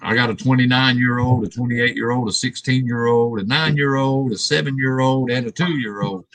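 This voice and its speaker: A middle-aged man chatting on a stream, loud and crude, laughing as he talks. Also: mid-range voice, steady tone, moderate pace, no room sound, rough recording. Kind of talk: casual chat.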